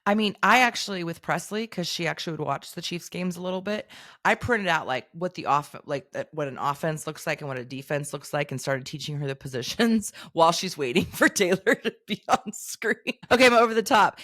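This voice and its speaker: Middle-aged woman podcast co-host with a somewhat low voice. Emphatic, profane, casual, dry close mic. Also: fairly quick, fairly bright tone, dry recording, soft background music. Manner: emphatic, swears freely.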